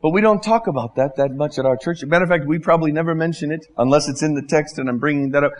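A middle-aged man preaching a sermon as a pastor, impassioned and full of rhetorical questions and repetition, swinging between loud and hushed. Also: fairly high pitch, quick pace.

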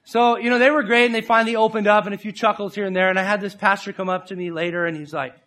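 A middle-aged man preaching from the pulpit, his voice unusually high and bright with a sharp edge. He talks in an animated, playful way, jumping into other people's voices and laughs as he tells his stories. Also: racing. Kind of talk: sermon.

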